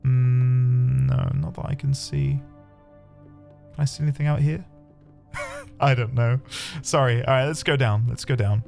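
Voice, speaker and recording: A man commentating his own game playthrough, chatty and excitable, talking to his viewers. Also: mid-range voice, measured pace, creaky, long pauses. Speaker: game streamer. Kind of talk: let's play commentary. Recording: faint background music.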